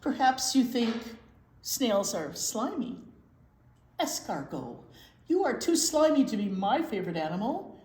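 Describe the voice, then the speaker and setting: A theatrical snail who fancies himself irresistible, tossing out French flourishes, put on by a woman reading a storybook to children. His voice leaps around with lively pitch and takes its time. The room rings around him. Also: unhurried, slight background noise. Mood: proudly defiant. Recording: echoey room.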